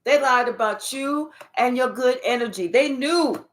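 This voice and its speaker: A woman's voice: high voice, unhurried. A woman spiritual card reader giving a livestream reading to viewers, talking emphatically with lots of swearing and teasing.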